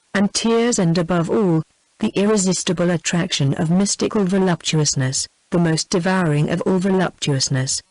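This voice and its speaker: British female TTS narrator for an audiobook, even and machine-like. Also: on the low side, no echo, poor audio. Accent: British English. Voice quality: even synthetic delivery, reads punctuation aloud. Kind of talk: text-to-speech audiobook narration.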